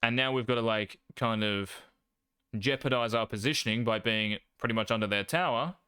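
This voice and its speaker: A young man talks through gameplay as a coach, brash and sure of himself, swearing freely. His voice is bright and forceful, crisp and smooth, and it sits close and dry with no room around it. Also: mid-range voice, moderate pace, no room sound. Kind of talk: casual gameplay coaching commentary.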